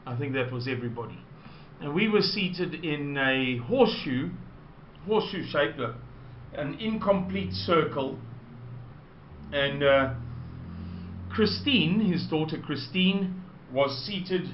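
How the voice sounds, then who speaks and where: A man with a South African accent telling a personal anecdote to listeners, slowly and with digressions. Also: a little high, expressive, slight background noise. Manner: slow, digressive, unhurried storytelling. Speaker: storyteller. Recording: roomy, dull lo-fi recording.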